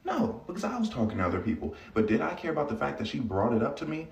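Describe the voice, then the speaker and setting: A man's voice: mid-range voice, sing-song, racing, gravelly, roomy sound, distant mic, lo-fi sound. A man delivering a casual advice monologue, cocky and conversational, telling stories from his own dating life.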